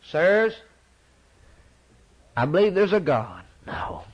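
A man with a fairly high, breathy voice preaches a sermon, his pitch leaping and dropping in wide, lively arcs. He sinks to near-whispers, then rises to ringing declarations, repeating phrases for emphasis. His delivery is unhurried with frequent pauses, and the recording sounds lo-fi.

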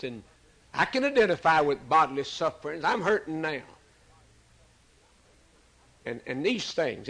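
A man preaching a sermon, swinging from loud, soaring rises to hushed, quiet drops. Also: on the high side, rough recording.

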